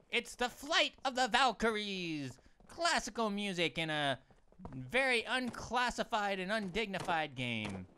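A man's voice: high voice, bright, forceful tone. A man hosting a gaming channel, giving goofy let's-play commentary full of puns and talking to the characters on screen. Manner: punning, jokey, talks to game characters. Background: game music.

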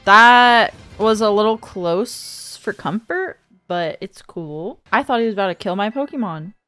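A woman's voice: medium pitch, unhurried, bright, forceful tone, no room sound, soft background music. A woman giving gameplay commentary, talking to herself and gasping and exclaiming at what happens on screen. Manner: talks to herself, gasps and exclaims at the game. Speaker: gaming streamer. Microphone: dynamic studio microphone.

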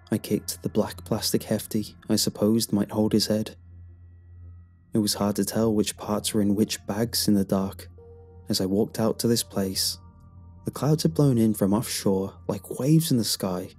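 A man narrates a horror story in a low, husky voice, very slowly and with brooding weight. His pitch swings widely, climbing sharply at the tense moments, and faint music plays behind him. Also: darkish tone. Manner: slow, brooding delivery with sudden rises.

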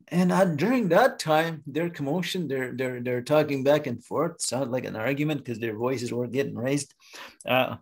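A man telling a traditional animal story in an unhurried, conversational way. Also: medium pitch. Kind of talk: oral storytelling.

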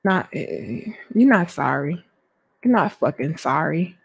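Woman livestreamer, melodramatic pleading with chat, shouts then mutters, slow-paced. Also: animated, creaky, husky, no echo. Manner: dramatic, theatrical despair, swings from shouting to low mutters. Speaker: livestream host. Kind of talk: live-stream commentary reacting to chat.

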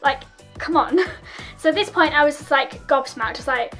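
A woman's voice: high-pitched, normal speed, fairly bright tone, soft background music. A young woman, a makeup artist, retelling a story casually and with exasperation.

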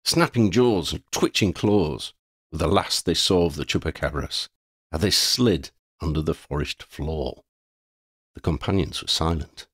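Deep voiced man reading a fantasy audiobook, very dry close mic, lively delivery. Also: measured pace, husky, dry recording. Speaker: audiobook narrator. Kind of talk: scripted narration.

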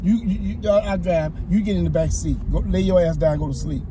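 A man with a high voice rants from the passenger seat of a moving car. His speech is profane and stammering, and it often breaks into yelling. Loud car noise rumbles under everything. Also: steady tone, a little fast. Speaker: prank target, passenger. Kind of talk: heated casual argument. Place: inside a car.

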